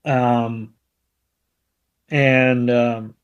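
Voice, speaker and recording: Man, podcast co-host, relaxed unhurried recap, filler-heavy, mid pitch. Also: clean tone, muffled recording. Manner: laid-back, lots of ums and you-knows. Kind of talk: casual episode recap.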